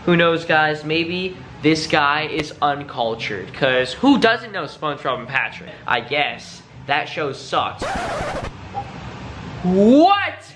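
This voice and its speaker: A man's voice: a little high, very animated, slow pace, noisy background. A young man vlogging in a dramatic, exclaiming way, full of slang. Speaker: YouTube creator. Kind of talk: excitable reaction vlog.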